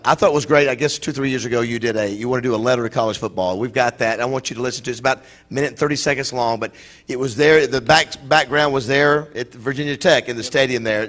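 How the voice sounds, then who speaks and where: A man hosts a live event, talking fast and stumbling through fillers and restarts. His voice sits at an ordinary middle pitch. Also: a bit bright. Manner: rushed, full of fillers and restarts. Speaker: event host. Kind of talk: live interview.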